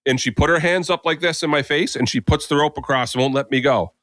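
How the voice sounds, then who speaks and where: A man's voice: on the high side, quick pace, no room sound. Guy on a podcast telling a long airport story, casual, dry close sound. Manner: animated, acts out quoted people. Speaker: podcast co-host.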